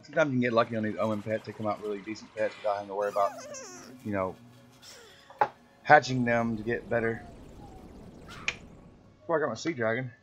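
A man's voice: fairly low pitch, brisk, long pauses, over music. A man chatting casually and swearing freely while playing a game, joking and teasing as he goes. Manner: profane, joking, hums along while playing. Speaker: game streamer. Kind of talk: casual gameplay chat.

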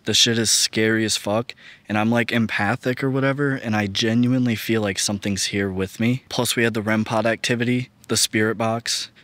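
A man hosting a ghost-hunting vlog outdoors at a rural bridge. He is excitable and jumpy, swears often, and swings from hushed asides to sudden exclamations. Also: fairly low pitch, fairly quick, no echo. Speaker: paranormal investigator, vlog host. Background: music under the voice.

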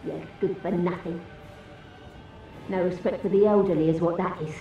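A woman's voice: on the low side, fairly even intonation, moderate pace, very echoey, phone-quality sound, faint music behind, lightly acted. A woman playing a resentful old woman. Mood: accusing. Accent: Estuary English. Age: older. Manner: accusing, resentful. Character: bitter, paranoid old woman.

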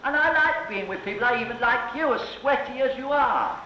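A high-pitched man with a bright, piercing voice harangues an open-air crowd from a soapbox. He is provocative and bantering. The sound is dull and echoey old documentary film audio. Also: a little fast. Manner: provocative, hectoring, bantering with hecklers. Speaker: soapbox orator. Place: outdoor speakers' corner before a crowd.

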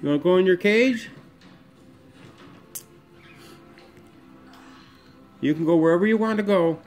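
A man coaxing his pet parakeet in a high, sing-song voice. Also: rapid-fire, a little mellow, soft background music. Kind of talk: talking to a pet bird.

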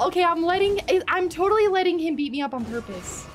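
A woman streaming a game live, excitable, gasping and swearing as she plays. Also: extremely high pitch, fairly quick, a little hiss or hum.

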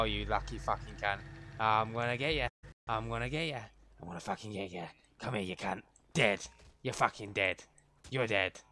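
A young man streaming a game live, cursing and hurling insults at everyone he runs into. His voice sits at an ordinary middle pitch, and his running commentary swings between muttered grumbles and loud outbursts. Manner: profane, ranting, yelling insults at game characters. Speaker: livestreamer.

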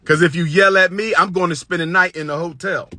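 A man lecturing with passion in a preacherly, repetitive cadence, swinging from loud high exclamations to low hushed asides. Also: steady tone, fairly quick, no echo. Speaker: public speaker giving relationship advice. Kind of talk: impassioned lecture.

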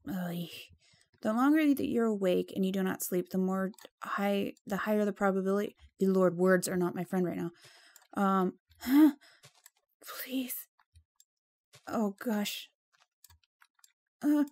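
Slow-talking gravelly woman gaming. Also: mid-range voice, a little mellow, no room sound. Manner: chatty, easily flustered, jumpy exclamations; drops into whispers when nervous. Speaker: gameplay commentator. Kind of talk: casual gameplay commentary.

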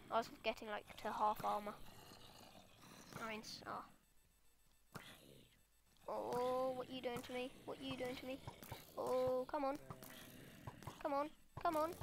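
Girl gaming, chatty and excitable, bit high voice, faint hiss behind. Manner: excitable, chatters at the game's monsters. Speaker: gamer. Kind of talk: let's play commentary.

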